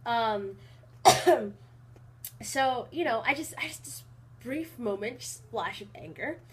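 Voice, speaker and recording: A young college woman recording a casual vlog indoors, her voice sitting a little high. She rambles with fillers and restarts, and her delivery stays even and rarely shows much emotion. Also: slow pace, a little hiss or hum. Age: young adult. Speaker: college vlogger.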